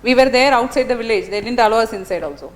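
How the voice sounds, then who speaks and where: A woman's voice: a little high, lively intonation, fast. A middle-aged woman giving a classroom lecture, telling stories animatedly with many fillers and tag questions. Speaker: teacher.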